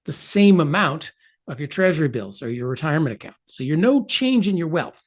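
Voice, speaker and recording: Man in his sixties, interview guest, lively swooping delivery, emphatic, wry asides. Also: a little high, fairly quick. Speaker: economist guest. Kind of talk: explanatory interview talk.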